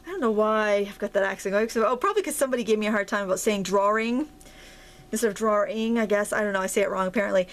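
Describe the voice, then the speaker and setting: Chatty crafter woman with a gravelly edge. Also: mid-range voice, rapid-fire, hardly any pauses. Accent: Maine. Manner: chatty, self-deprecating, thinks aloud while working. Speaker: craft video host. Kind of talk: casual crafting tutorial.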